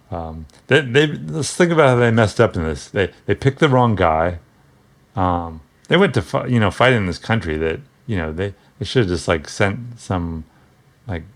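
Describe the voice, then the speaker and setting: A man casually talking through an old comic book, rambling and wry, with frequent restarts and asides. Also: low voice.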